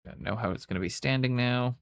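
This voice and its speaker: A man's voice: mid-range voice, fairly quick, clean tone, no room sound, clean studio sound. A young man from Canada's West Coast with a mild Western Canadian accent, chatting casually on a live stream while he paints miniatures, in a laid-back, mumbling way with casual swearing.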